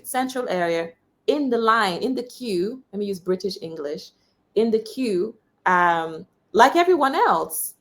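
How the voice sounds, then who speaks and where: A young woman from the United States talks as an interview guest, a journalist recounting her own experiences. She is candid and conversational, and she brings the story alive by acting out what others said. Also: mid-range voice. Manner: animated storyteller, quotes others with raised voice.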